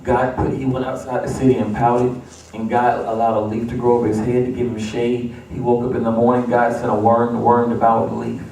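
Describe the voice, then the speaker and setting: A man's voice: mid-range voice, monotone, a little fast, a little mellow. A man preaching from the pulpit in a heavily echoing church, his voice carrying from some distance away. He builds to emphatic repeated refrains as he talks to the congregation. There is a faint hum of room sound behind him. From United States. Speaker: pastor. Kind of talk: sermon. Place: church sanctuary. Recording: echoey church, distant mic.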